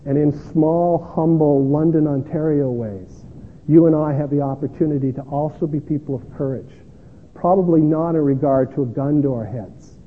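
A man's voice: fairly high pitch, normal speed, a little hiss or hum. A man preaching a sermon as a pastor, earnest and self-deprecating, often restarting his words. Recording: tinny lo-fi sound in a long-echoing hall.

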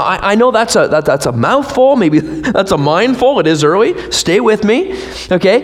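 A man preaching a sermon as pastor, animated, with rhetorical questions and joking asides to the congregation. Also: high-pitched.

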